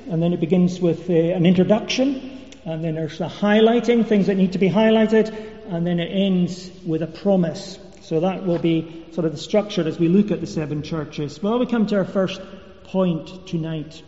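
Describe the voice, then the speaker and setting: A man delivers an evening sermon, working through his points in a measured teaching style. His voice sits high and mellow. The sound is dull and carries a long echo, as in a church hall. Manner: measured expository preaching with fillers. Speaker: preacher.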